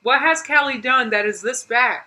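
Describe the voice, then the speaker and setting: A woman from the United States hosting a live reaction stream, with a bright, forceful voice pitched a little high. She talks back to the clip in exasperation, demands evidence and reads viewer comments aloud between laughs. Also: normal speed, poor audio.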